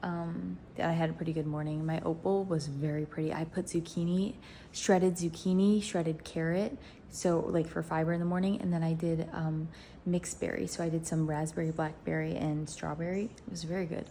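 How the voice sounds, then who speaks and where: A woman's voice: low-pitched, fairly even intonation, normal speed, warm tone, a little hiss or hum. A young woman talking casually to her viewers at home in a rambling, upbeat vlog. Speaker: vlogger. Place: indoors at home.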